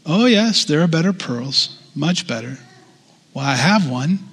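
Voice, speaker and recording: A man's voice: a little high, expressive, measured pace, a bit bright, slightly rough, in a large hall, full character voice. A man voicing an old male pearl diver in a story read aloud during a sermon, speaking plainly and earnestly. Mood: wistful.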